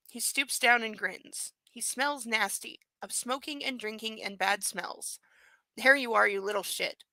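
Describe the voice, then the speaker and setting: A woman's voice: fairly high pitch, bright, forceful tone, no room sound, rough recording. A woman live-streaming a book reading at home, mixing blunt, sarcastic commentary with cooing baby talk to her dog.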